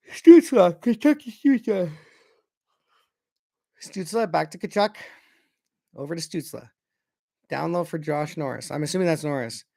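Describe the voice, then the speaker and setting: A young man calling a hockey game casually as a fan, excitable and often correcting himself about player names. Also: on the high side, creaky, dry recording, clean studio sound. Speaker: fan commentator. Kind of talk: casual play-by-play commentary.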